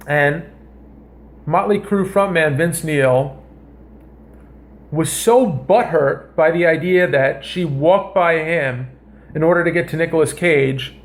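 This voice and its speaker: A man hosting a comedy vlog, telling a story in a rambling, animated way and often cutting himself off mid-sentence. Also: sits high. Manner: rambling, animated, self-interrupting. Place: home kitchen.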